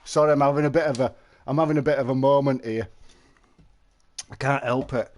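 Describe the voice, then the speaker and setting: A man's voice: mid-range voice, steady tone, fairly quick, a little mellow. A man streaming a fishing game live, chatting and joking with his viewers and answering their messages.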